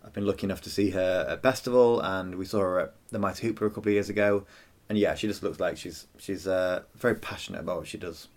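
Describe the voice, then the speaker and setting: A man with a fairly low voice co-hosts a music podcast. He talks reflectively and chattily, sharing opinions and memories in a relaxed conversational manner. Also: fast talker. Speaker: podcast co-host. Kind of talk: casual music review chat.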